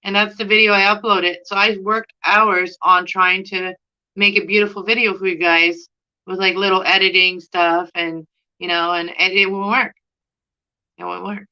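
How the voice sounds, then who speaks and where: A woman's voice: on the low side, level tone, normal speed, bright, forceful tone, clean tone, muffled recording. A middle-aged Canadian woman with a Canadian accent, chatting casually to camera in a rambling, giggly way. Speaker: plant vlogger.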